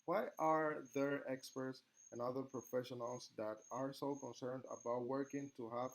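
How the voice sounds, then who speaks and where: A young man whose first language is Spanish speaks English with a Spanish accent and a gravelly edge. He talks in a middle register, earnest and a little halting, reading out questions and answering them for a class presentation. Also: mid-range voice, fairly even intonation, rough recording. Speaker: student.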